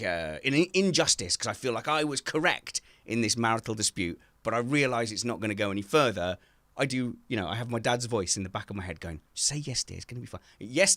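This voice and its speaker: A man hosting a casual podcast from his garden shed, self-mocking and animated as he tells stories. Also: mid-range voice, no echo. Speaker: podcast host.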